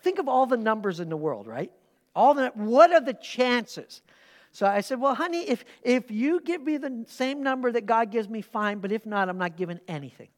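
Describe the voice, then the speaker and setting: A man preaching in a church, his voice carrying a long reverb through the large hall. He talks in an animated, conversational way, breaking off for quick asides and questions to the congregation. He tells personal stories from the pulpit. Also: very high voice. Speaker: pastor. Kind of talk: sermon with personal storytelling. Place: church sanctuary during a service.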